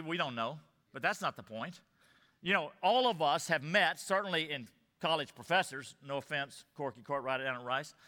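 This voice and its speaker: A man preaching a sermon as a pastor, earnest, rising to emphatic peaks and dropping low. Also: sharp tone. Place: church sanctuary. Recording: long hall reverb.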